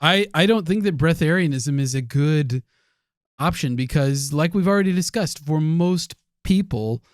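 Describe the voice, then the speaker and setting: A hesitant, agreeable man co-hosting a podcast, stumbling over restarts as he talks. His voice is a little high, and the recording is dry and close. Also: animated, moderate pace, dry recording. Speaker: podcast co-host. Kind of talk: casual podcast chat.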